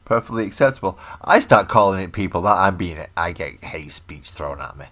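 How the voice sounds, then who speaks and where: A man with an English accent talks in a rambling, bantering way on a live stream. His voice sits very low, and he chats casually with viewers as he works at a home hobby desk. The sound comes through a simple stream mic. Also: a little fast, hardly any pauses, fairly bright tone. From England. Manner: rambling banter, answers chat while working. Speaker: mini painting streamer. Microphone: webcam stream mic.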